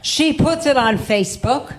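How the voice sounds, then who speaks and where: A woman's voice: animated, measured pace. Woman doing wry stand-up storytelling. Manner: wry storytelling, jumps to high shrieks when acting out panic. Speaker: stand-up comic. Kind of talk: stand-up comedy set.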